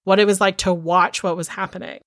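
A woman in her thirties co-hosting a podcast, recapping in casual chat and swearing freely as she gets animated. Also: lowish voice, brisk, no echo, clean studio sound. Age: 30s. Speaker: podcast co-host.

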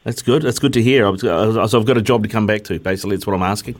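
A man's voice: on the low side, rapid-fire. A man with a New Zealand accent filling in as host on a sports radio show, chatting casually and reading out listener texts.

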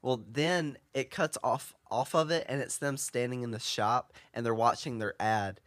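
A man co-hosting a podcast in casual chat, telling stories and giving opinions in an animated way. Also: mid-range voice, normal speed, no room sound. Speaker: podcast co-host.

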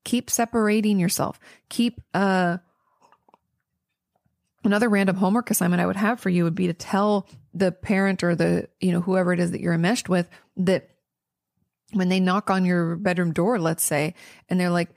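Gravelly-voiced woman giving earnest advice. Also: on the low side, steady tone, moderate pace, darkish tone, no echo, studio quality. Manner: earnest, reassuring, many ums and restarts. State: tired and yawning. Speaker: podcast host answering audience questions. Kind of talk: casual advice talk.

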